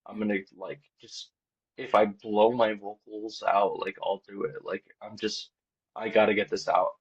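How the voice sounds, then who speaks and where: A man with a lowish voice tells a story in a loose, casual way, full of "like" and quoted dialogue, staying mostly soft and low-key. The podcast audio is a little dull and muffled. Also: a little slow, breathy edge. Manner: rambling, heavy on "like" and quoted dialogue; quiet and low-key, lifting when excited. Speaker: podcast guest, band vocalist.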